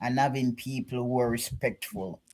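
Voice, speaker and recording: A man calling into a chat, halting and stammering as he makes a point. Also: medium pitch, darkish tone. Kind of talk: casual conversation.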